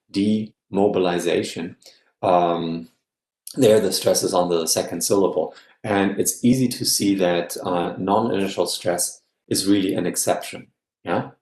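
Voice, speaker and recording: A man giving an academic guest lecture, explaining step by step and often checking in with a quick "yeah?". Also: low voice, darkish tone, reverberant.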